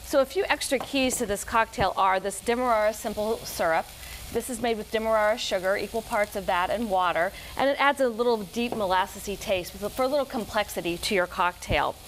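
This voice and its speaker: A woman's voice: mid-range voice, a little fast, slight background noise, poor audio. A woman cookbook author giving a live TV cooking demonstration, explaining each step in a friendly, instructive way. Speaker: barbecue cookbook author and guest. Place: TV studio kitchen.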